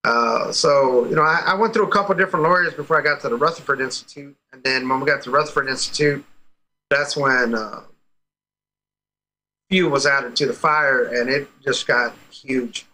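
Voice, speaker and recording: A man's voice: medium pitch, moderate pace, bright, forceful tone, rough recording. A man, a father being interviewed, telling a story with energy and acting out the quoted dialogue. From United States. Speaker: guest, parent. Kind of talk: casual interview over a call.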